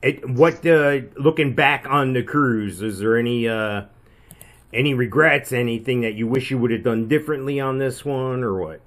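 A man's voice: mid-range voice, moderate pace, a bit bright. Upbeat man co-hosting a podcast. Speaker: podcast co-host. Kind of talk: casual podcast chat.

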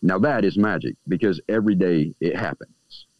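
A man's voice: deep voice, moderate pace, no echo. A man talking as a guest in a casual podcast conversation about everyday magic, who smokes a cigar as he talks and acts out the people he quotes. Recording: dull, dry lo-fi audio.

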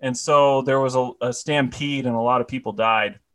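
A man's voice: medium pitch, steady tone, moderate pace, a bit bright. Giggly, hesitant podcast man. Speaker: podcast co-host. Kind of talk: casual comedic chat.

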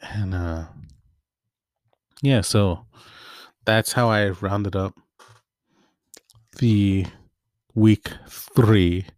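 A man's voice: lowish voice, very slow, long pauses, dry recording. A young man giving a casual, rambling movie recap, often correcting himself mid-sentence. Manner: rambling, self-correcting, relaxed. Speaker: movie vlogger.

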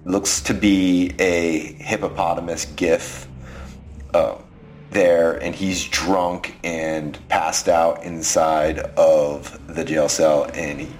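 A man's voice: low voice, level tone, takes it slowly, a little mellow. A man narrating a tabletop role-playing game as game master, loose and rambling, with frequent restarts.

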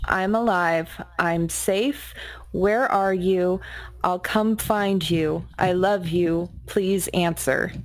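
A woman's voice: on the low side, slow. A woman voicing a worried pleading woman. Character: worried young woman pleading for her love.

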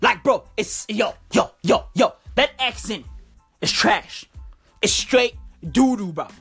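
A woman doing a comic rant, animated and profane, full of slang. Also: fairly high pitch, takes it slowly, slightly rough, soft background music. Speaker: comedy vlogger.

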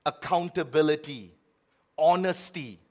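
A middle-aged man preaching a sermon as pastor, with lively swings between loud, emphatic lines and quiet ones. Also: a little high, measured pace.

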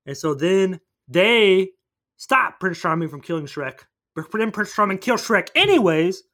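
A man's voice: a little high, fairly bright tone. Man rambling through a movie recap. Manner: rambling storytelling, acting out characters. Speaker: podcast co-host. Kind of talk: casual movie recap chat.

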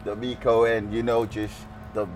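A man speaking as a guest on a podcast, explaining things slowly in a laid-back, slangy way. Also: on the low side, level tone, noisy background. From Zimbabwe. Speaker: guest, music group member. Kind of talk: casual podcast chat.

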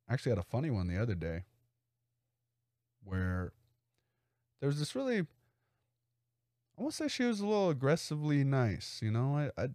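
A man's voice: mid-range voice, darkish tone, no room sound, clean studio sound. A young man hosting a podcast, telling rambling, joking stories in a casual monologue. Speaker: podcast host.

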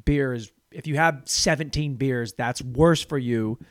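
A man's voice: mid-range voice, unhurried, no echo, clean studio sound. A man hosting a podcast and riffing through a crude comedic monologue, rambling and profane. He slips into mock voices along the way.

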